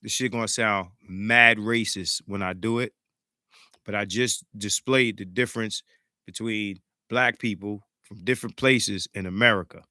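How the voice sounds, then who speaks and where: A man hosting a podcast in a casual, profane, animated way, greeting live chat viewers, sounding slightly congested. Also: fairly low pitch, moderate pace, no echo, studio quality. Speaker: podcast host.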